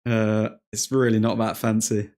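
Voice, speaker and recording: In an unhurried, completely flat delivery, a man with a lowish, darkish voice streams a live football watchalong. He's chatty and rambling, laughs often, reads chat messages aloud, and interrupts himself to call out the action.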